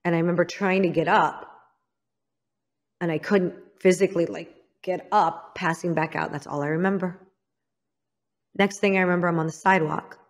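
A woman with a slightly low voice tells her own story as an interview guest. She is frank and self-critical, and she speaks in a candid, personal way. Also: steady tone, moderate pace, pauses often. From Illinois, United States. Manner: frank, self-critical, acts out others' lines.

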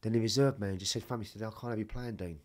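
A man's voice: fairly low pitch, rapid-fire. Swearing man telling stories. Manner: swears constantly, animated storytelling. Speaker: podcast guest. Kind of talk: casual storytelling chat.

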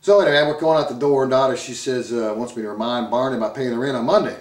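A man's voice: medium pitch, very fast, echoey room, close to an everyday voice. An actor playing a brash redneck man, blustering in a folksy way.

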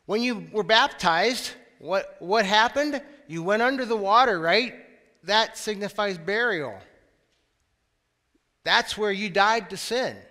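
A man's voice: high voice, slow, sharp tone. A man preaching a sermon in a conversational way, with asides to the congregation. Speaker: pastor. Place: church sanctuary. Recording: long church reverb.

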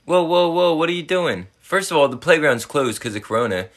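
A man voicing a blunt, deadpan counter worker in a lower, flat voice in a comedy sketch. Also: fairly quick.

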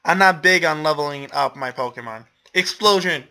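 Bright and pushed, on the high side, this young gamer's voice moves at a moderate pace. He groans when he loses and laughs at himself throughout his exclamatory, casual commentary.

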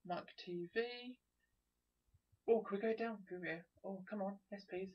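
A gamer giving chatty, excitable let's play commentary, thinking aloud as they explore. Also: medium pitch, normal speed, slightly rough. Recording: dull lo-fi recording.

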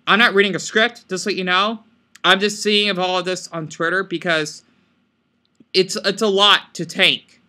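A man's voice: high-pitched, steady tone, normal speed, sharp tone. A man talking off the cuff in a vlog, rambling and apologetic, tagging "okay?" and "right?" onto his sentences. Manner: emotional, apologetic, swears when upset. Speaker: vlogger reacting to news. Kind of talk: unscripted rambling commentary.

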